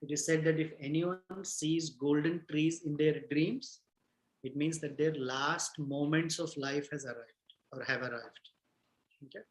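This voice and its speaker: A man retelling a scripture story in a class, gentle and halting, with many fillers and restarts. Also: fairly high pitch, fairly even intonation, roomy sound, low-quality recording. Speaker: storyteller teacher.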